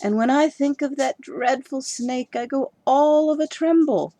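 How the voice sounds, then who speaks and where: A woman voicing a fretful, dramatic mother crow in a storybook reading, with high, loud, tearful outbursts. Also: sing-song, moderate pace, dry recording. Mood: distraught.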